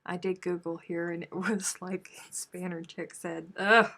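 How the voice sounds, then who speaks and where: A woman's voice: lowish voice, flat delivery, a little slow, creaky, darkish tone. A woman hosting a casual crochet livestream, chatting playfully with viewers and reading their comments aloud. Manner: chatty, playful, drawling Southern turns of phrase.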